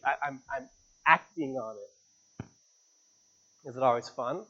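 A man preaching a sermon in a church, earnest, with sudden rises in pitch and volume on key points. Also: husky, highs cut off. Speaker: pastor.

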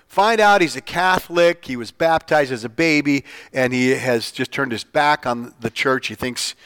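A man preaching an informal sermon, telling stories, his voice leaping up when he gets excited and falling soft and low for earnest points. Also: normal speed, clean tone, no echo. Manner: animated, jumps up in pitch for quoted lines. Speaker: pastor.

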